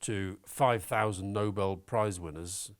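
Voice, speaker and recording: A man talking as an interview guest, opinionated and animated, swearing now and then. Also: fairly low pitch, slow. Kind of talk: conversational interview.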